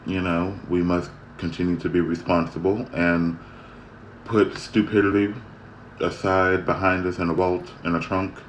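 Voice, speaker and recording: A man talking straight to the camera in a casual vlog, venting his annoyance in a heated, repetitive way that swings from loud to quiet. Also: low voice, level tone, normal speed, a little hiss or hum, low-quality recording. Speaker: vlogger. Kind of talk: casual ranting monologue.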